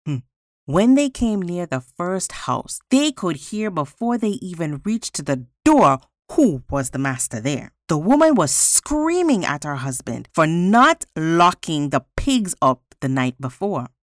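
A woman reading a folktale aloud as a storyteller, expressive and sing-song. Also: lowish voice, a little slow, few pauses, dry recording, studio quality.

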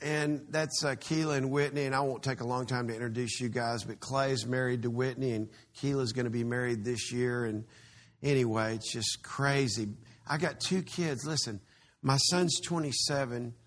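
A man with a Texan accent preaching a live sermon as a guest preacher, folksy and chatty, now and then bursting into loud exclamations. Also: medium pitch, fairly even intonation, moderate pace.

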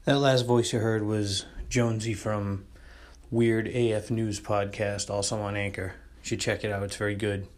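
A man's voice: lowish voice, flat delivery, moderate pace. A man hosting a podcast, telling rambling, profane stories in a casual way. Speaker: podcast host. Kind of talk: casual storytelling.

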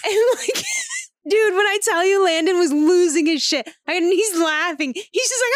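A woman in her thirties co-hosting a podcast, telling stories in a lively way, swearing freely and laughing often. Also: extremely high pitch, a little slow, no room sound, raised voice, studio quality. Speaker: podcast co-host. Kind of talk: casual chat.

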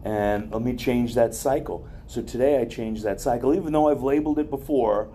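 A man's voice: medium pitch, moderate pace, dark tone, slight background noise. A man giving a motivational wellness talk to a group in a loose, conversational way, full of asides and personal stories. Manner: rambling, conversational, with many asides.

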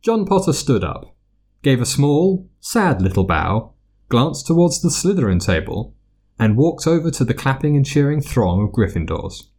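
A man narrating a story aloud, expressive and doing voices for the characters. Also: medium pitch, moderate pace. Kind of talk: fan fiction reading.

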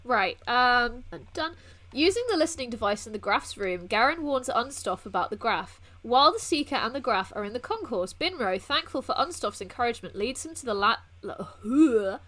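A woman's voice: fairly high pitch, lively intonation, normal speed, fairly bright tone. A young woman co-hosting a casual podcast, chatty and laughing often as she reads plot summaries aloud. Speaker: podcast co-host. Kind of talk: casual chat.

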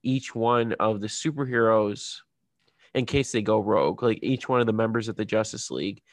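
A man's voice: lowish voice, normal speed, no room sound. A man co-hosting a casual podcast, rambling and full of fillers as he explains. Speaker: podcast co-host. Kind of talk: casual chat.

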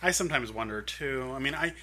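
Quiet, dry man with a husky voice. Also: mid-range voice, lively intonation, fast talker. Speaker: sidekick. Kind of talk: casual chat.

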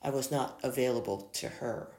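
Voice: medium pitch, normal speed, darkish tone, close to an everyday voice. A reader doing a cold, possessive lover. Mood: soft. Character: cold, possessive man, tender with his lover. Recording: echoey room.

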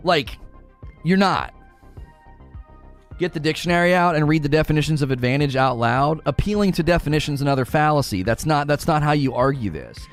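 A man's voice: fairly high pitch, brisk, soft background music. A man ranting in a sarcastic, argumentative way, as a streamer answering his chat. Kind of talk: ranting commentary.

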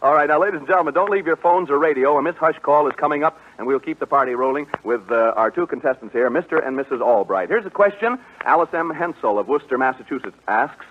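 A man's voice: fairly high pitch, expressive, fast, hardly any pauses. A man hosting a live radio game show, jovial and joking, often laughing along with contestants. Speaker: quiz show host. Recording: old lo-fi radio broadcast with faint hiss.

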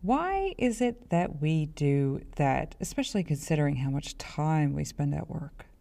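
A woman's voice: deep voice, very animated, unhurried, creaky, mellow. A woman hosting a professional development podcast, talking in a chatty, self-deprecating way with fillers and restarts. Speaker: podcast host.

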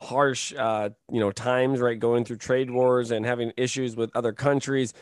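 A man's voice: mid-range voice, level tone, moderate pace, smooth, no echo, studio quality. A man hosting a casual produce-industry podcast, talking energetically with many fillers and tag questions like "right?". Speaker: podcast host.

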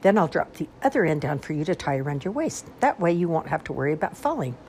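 A woman's voice: sits low, sing-song, quick pace, darkish tone, slight background noise. A woman voicing Sarah, a bold, adventurous girl mouse who is eager and coaxing.

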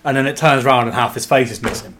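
A man's voice: medium pitch, steady tone, fast, fairly bright tone, a little hiss or hum. Sweary joking man in podcast chat. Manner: sweary, rambling, jokey asides. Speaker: podcast co-host discussing a novel. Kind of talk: casual book-club chat.

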